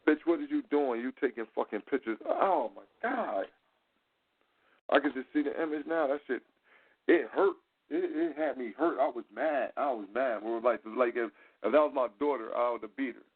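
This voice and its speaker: A man tells a story for his talk show in loose, profane street slang and keeps it animated throughout. His voice sits at an everyday middle pitch. The sound is narrow and tinny, like a phone line. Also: moderate pace, breathy edge. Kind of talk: casual storytelling chat.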